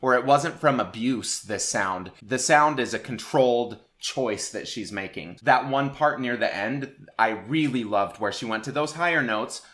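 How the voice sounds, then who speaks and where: A man reacting to a song as a vocal coach, with measured, analytical commentary. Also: mid-range voice, a bit bright.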